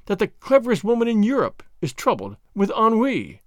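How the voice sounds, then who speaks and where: A man reading a story, voicing a shrewd middle-aged French spy who speaks quietly, with sarcasm and mock gallantry. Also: high voice, big pitch swings, moderate pace, no room sound, studio quality. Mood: sly, sarcastic.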